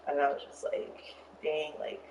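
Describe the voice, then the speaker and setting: A woman's voice: low-pitched, completely flat delivery, measured pace, a little mellow. Rambling young woman, distant mic. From Arizona. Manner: rambling, many fillers, emotional retelling. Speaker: streamer telling a story. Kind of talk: casual storytelling while gaming.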